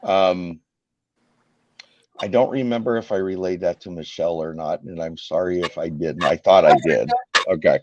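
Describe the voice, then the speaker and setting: A man's voice: low-pitched, normal speed, a little mellow, dry recording, muffled recording. A man hosting a casual live stream, chatty and self-deprecating, heard over a video call. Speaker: host.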